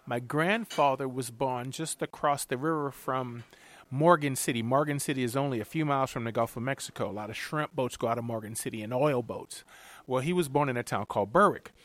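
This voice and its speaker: A middle-aged man from Louisiana, a chef and TV cooking host answering interview questions in an animated, chatty way. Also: medium pitch, fairly quick.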